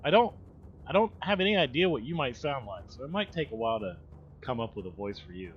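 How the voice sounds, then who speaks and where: A man's voice: medium pitch, sing-song, fast. A man chatting casually on a livestream, rambling and swearing, often trailing off mid-sentence. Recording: dull lo-fi stream audio with faint music.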